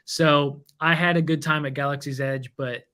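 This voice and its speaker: A man's voice: fairly high pitch, steady tone, moderate pace, bright, forceful tone. A man, a returning guest, chatting casually and laughing at himself. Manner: laughing, self-mocking. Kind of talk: casual chat.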